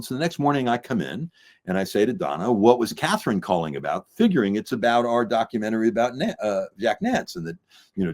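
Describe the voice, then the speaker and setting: An older man, a filmmaker and musician, telling a long anecdote in an interview and acting out the people he quotes. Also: medium pitch. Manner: animated storyteller acting out quoted voices. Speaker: filmmaker guest.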